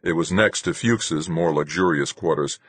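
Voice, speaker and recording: Deep, husky male audiobook narrator. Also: moderate pace, no echo. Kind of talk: first-person novel narration.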